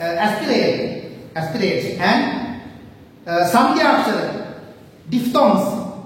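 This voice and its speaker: A woman giving an academic lecture, halting, with frequent fillers and self-corrections. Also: high voice. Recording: echoey hall, mic far off.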